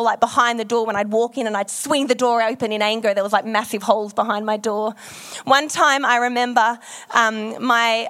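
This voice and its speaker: A woman's voice: on the high side, fairly bright tone. A woman pastor preaching a sermon, telling frank, self-deprecating stories in a loose, conversational way with plenty of ums and likes.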